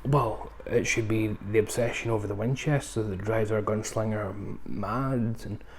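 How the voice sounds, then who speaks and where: A man's voice: on the low side, fairly even intonation, normal speed. A man reviewing films in a casual, rambling way, full of ums and asides. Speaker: film reviewer. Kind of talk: casual film review chat.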